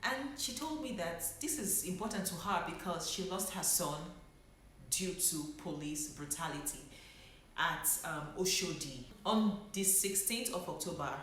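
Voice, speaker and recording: In a very echoey room with slight background noise, the young doctor shares a personal story for her vlog, reflective and emotionally restrained. Her voice sits on the low side, fairly bright, with lively intonation and an unhurried pace.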